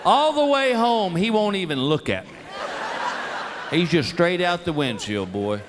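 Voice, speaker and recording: A middle-aged man, telling a stand-up comedy story with animated delivery and acted-out voices, sometimes shouting punchlines. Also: high-pitched, unhurried. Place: stage before a live audience. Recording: live show with crowd laughter and noise. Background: audience laughter.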